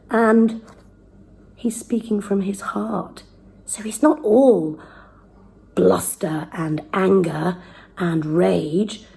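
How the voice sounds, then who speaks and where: A woman teaching children how to speak verse, with a mellow, slightly breathy voice. She talks in a lively, emphatic way, leaning on key words and now and then dropping to a near whisper. It has the feel of a friendly at-home lesson. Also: mid-range voice, low-quality recording. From United Kingdom. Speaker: drama teacher.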